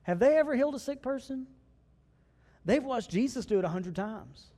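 A high-pitched man delivers an animated sermon from the pulpit. He slips into the voices of the people he quotes as he preaches. His voice rings out with a long reverb in the sanctuary. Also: moderate pace. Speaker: pastor. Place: church sanctuary.

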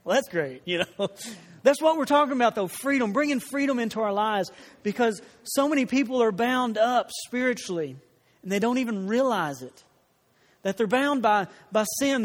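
A man with a notably high voice delivers a sermon to his congregation. He is earnest, circling back to key phrases and putting questions to the room. His voice rings out with a long reverberation in the church hall. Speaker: pastor.

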